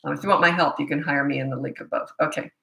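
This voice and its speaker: A woman's voice: sits low, fairly even intonation, racing, creaky, fairly bright tone, reverberant. A middle-aged woman, a parenting coach, answering viewer questions in a chatty, blunt way with self-deprecating asides. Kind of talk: casual live Q&A.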